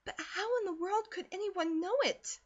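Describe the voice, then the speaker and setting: A woman's voice: extremely high pitch, normal speed, highs cut off, pitched above the performer's own voice. A woman voicing an anxious, earnest teenage country girl who pleads breathlessly.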